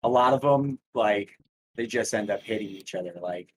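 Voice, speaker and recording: Male podcast guest, lowish voice, faint hiss, distant mic. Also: moderate pace. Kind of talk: casual chat.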